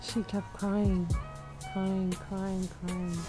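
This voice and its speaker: A young woman vlogger chatting casually and softly, drained and out of breath, full of "like"s. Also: mid-range voice, little pitch movement, very slow. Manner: soft, tired, filler-heavy talk. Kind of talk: casual vlog chat. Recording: music playing behind.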